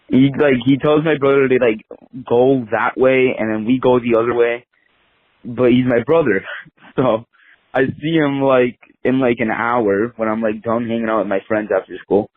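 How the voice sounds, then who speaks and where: A man's voice: mid-range voice, a little slow, no echo, phone-quality sound. A young man telling a rambling story into a voicemail, full of filler words. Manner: rambling, lots of filler likes. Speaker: voicemail caller. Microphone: phone. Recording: phone voicemail line.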